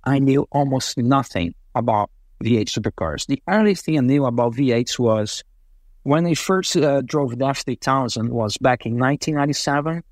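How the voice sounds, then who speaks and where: A man's voice: mid-range voice, moderate pace, dry recording, studio quality. Man telling racing stories. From Brazil. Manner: animated, acts out quoted voices, frequent fillers. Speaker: interview guest, racing driver. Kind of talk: casual storytelling.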